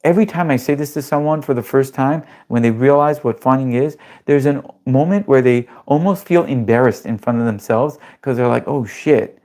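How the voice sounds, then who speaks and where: A nervous system coach giving a motivational talk with guided breathing, animated, swearing casually and asking rhetorical questions. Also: medium pitch.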